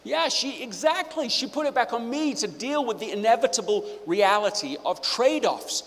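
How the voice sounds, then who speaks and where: A man giving a live presentation to an audience, playful and energetic, often restarting his phrases. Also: very high voice, moderate pace. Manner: energetic, self-interrupting, playful. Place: auditorium with audience. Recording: hall reverb.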